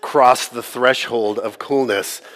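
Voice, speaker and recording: A man, a pastor, giving a sermon in a casual, joking, conversational way, his voice slightly gravelly from allergies. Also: mid-range voice, steady tone, takes it slowly, fairly bright tone.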